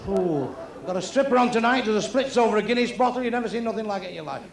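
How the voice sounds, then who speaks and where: A man's voice: sits high, very fast, creaky. A middle-aged man doing blunt, crude stand-up comedy on a club stage. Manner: blunt, crude, deadpan delivery. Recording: echoey club with crowd noise.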